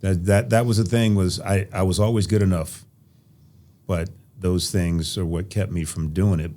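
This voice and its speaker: Deep-voiced man telling stories on a podcast. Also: normal speed. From Nebraska, USA. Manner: animated storyteller, laughs while telling stories. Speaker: podcast guest. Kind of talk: casual interview storytelling.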